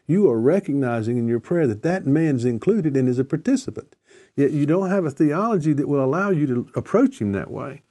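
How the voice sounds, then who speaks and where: Man, mellow warm voice, earnest storyteller, repeats phrases for emphasis, conversational discussion. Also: on the high side, animated, fairly quick. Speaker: discussion guest.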